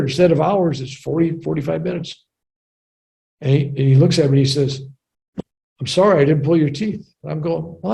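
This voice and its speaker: Older man, gravelly and warm-toned, casual storyteller who keeps checking in with "right?". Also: medium pitch, low-quality recording. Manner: chatty, repeats himself and asks "right?". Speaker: guest speaker.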